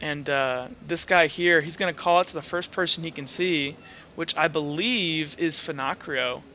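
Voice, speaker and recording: A man narrating a tabletop game as game master, casual and full of filler pauses. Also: on the high side, pushed and bright, lo-fi sound, slight background noise.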